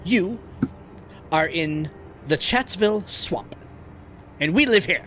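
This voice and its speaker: Frog guard in conquistador armor, pompous and blustering, high squeaky voice with wild swoops, flusters fast; a man puts it on for a tabletop game. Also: animated, pushed and bright, slight background noise, full character voice. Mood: suspicious.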